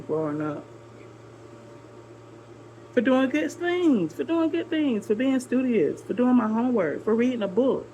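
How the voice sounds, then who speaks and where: A woman from Georgia with a Southern accent, talking casually to camera in a response video, encouraging a viewer with drawn-out, repeated phrases. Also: low voice, a little hiss or hum, poor audio. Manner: warm, repetitive encouragement with drawn-out emphasis. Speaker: vlogger making a response video.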